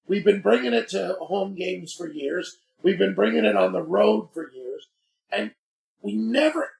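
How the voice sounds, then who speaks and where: A man, a podcast guest, telling a story in casual chat, animated and exasperated, acting out the dialogue. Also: sits high, gravelly.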